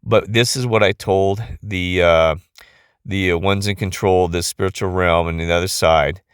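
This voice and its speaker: A man's voice: low-pitched, fairly even intonation, normal speed, clean tone, no echo, studio quality. A tired middle-aged man talking in a rambling casual monologue, often losing his thread and restarting, recorded on a phone. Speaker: vlogger.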